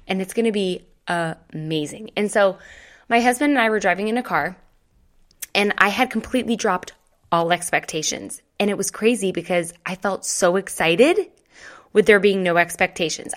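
A woman in her thirties telling a personal story in a chatty, animated way, acting out quoted dialogue. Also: mid-range voice. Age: 30s. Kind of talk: casual storytelling to camera.

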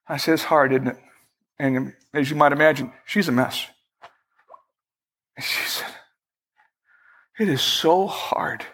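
A man preaching a sermon as pastor, measured and emphatic, slowing down for prayerful quotes. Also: fairly high pitch, fairly bright tone, slightly rough. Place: church sanctuary.

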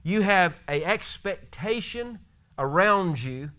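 A man's voice: sits high, lively intonation, slow pace, sharp tone. A man preaching a sermon, an earnest pastor who retells scripture and exhorts his listeners.

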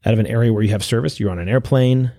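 A man hosting a podcast, giving an earnest motivational talk that urges listeners on, with restarts and pauses. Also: mid-range voice, warm tone, no echo, studio quality. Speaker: podcast host. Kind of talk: motivational monologue.

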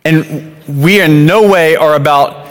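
Conversational preacher in an echoing hall. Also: male voice, fairly high pitch, takes it slowly. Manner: conversational, repeats words, many "you know" fillers. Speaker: pastor. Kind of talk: sermon. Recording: long reverb of a large hall.

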